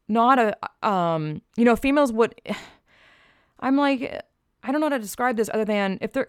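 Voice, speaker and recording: A woman's voice: medium pitch, no room sound, clean studio sound. A woman giving casual spoken commentary, blunt and exasperated, sighing and stopping to restart as she reads aloud.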